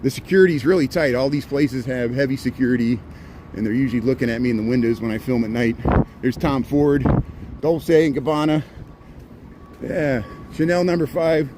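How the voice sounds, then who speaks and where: A man with a steady, mid-range voice at normal speed vlogs a casual walking tour on a live stream, drifting from topic to topic with sarcastic side comments. Recorded on a handheld phone, the clip carries street noise and passing traffic.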